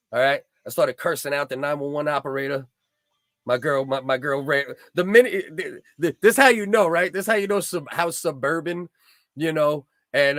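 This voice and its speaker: A man's voice: fairly high pitch, fairly bright tone, no echo, studio quality. A man, hosting a casual livestream and telling rambling, profane, heated stories. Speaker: livestream host.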